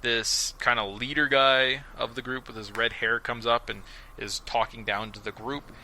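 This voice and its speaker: A man hosting a casual podcast, recapping episodes with sarcastic, animated storytelling and mocking quoted voices. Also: mid-range voice, moderate pace, low-quality recording. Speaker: podcast host.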